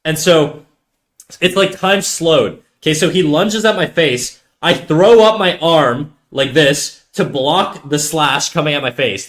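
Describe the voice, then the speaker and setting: A man live streaming, telling a story to his chat in a casual, animated and profane way. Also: on the high side.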